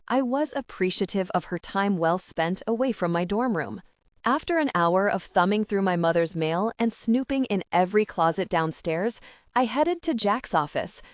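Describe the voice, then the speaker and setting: A woman narrating a first-person audiobook in an expressive, measured way. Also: medium pitch, dry recording, clean studio sound.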